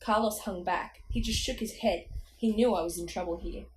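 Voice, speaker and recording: A woman's voice: medium pitch, normal speed, darkish tone, slight background noise, poor audio. Woman reading a spooky kids' book aloud. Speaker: audiobook reader. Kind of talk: amateur storybook narration.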